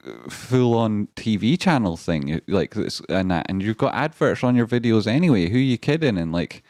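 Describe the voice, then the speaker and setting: A man hosting a live stream in a rambling, excitable way, swearing now and then and swinging between grumbling and hype. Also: on the low side, normal speed, no room sound, studio quality. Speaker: stand-in livestream host. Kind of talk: casual live-stream chat.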